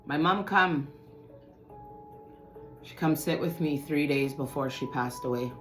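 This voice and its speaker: A woman telling a personal story to her viewers in casual talk, swearing often and swinging from low muttering to loud outbursts. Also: unhurried, soft background music.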